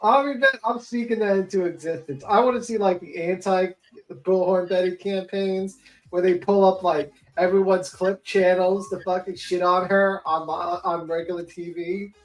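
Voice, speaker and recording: A man's voice: sits high, steady tone, normal speed, poor audio. A man joking and mocking in a casual live panel chat, laughing often.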